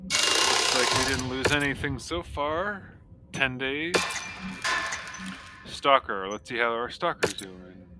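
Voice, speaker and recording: A man giving casual, excitable gameplay commentary with many fillers. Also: mid-range voice, takes it slowly, pauses often, very noisy. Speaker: gameplay video creator. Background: loud game music.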